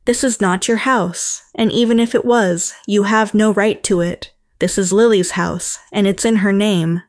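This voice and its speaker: A woman's voice: medium pitch, steady tone, measured pace, no echo, studio quality, close to an everyday voice. Stern dad demanding the truth, firm and fair, voiced by a woman narrator. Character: stern fair-minded middle-aged father. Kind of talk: storytelling narration.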